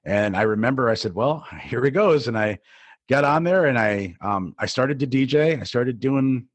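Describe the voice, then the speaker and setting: A man's voice: mid-range voice, lively intonation, normal speed, no room sound. A middle-aged man from New Jersey, co-hosting a podcast and telling a rambling story full of fillers and restarts. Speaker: podcast co-host, DJ. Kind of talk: casual storytelling.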